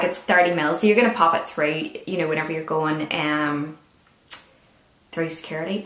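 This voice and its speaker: A woman's voice: fairly low pitch, a bit bright. A woman with a Northern Irish accent, chatting casually as she reviews beauty products with wry asides. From Northern Ireland. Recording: roomy echo.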